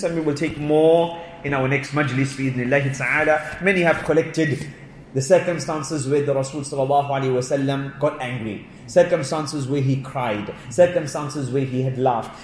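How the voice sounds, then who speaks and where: A man giving a religious lesson. He explains by repeating himself, uses fillers like "you know" and "et cetera", and reads short Arabic quotes before translating them. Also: on the high side. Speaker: religious teacher. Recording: roomy recording with faint background noise.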